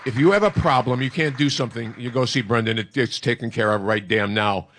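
A man in his sixties, a retiring sports talk radio host, speaking gruffly and with wisecracks on a live show. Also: medium pitch, a little fast, fairly bright tone, a little hiss or hum.

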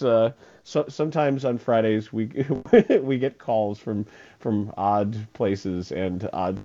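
A man's voice: medium pitch, darkish tone, muffled recording. A man hosting a casual sports talk radio show, rambling and repeating words as he laughs his way through listener texts.

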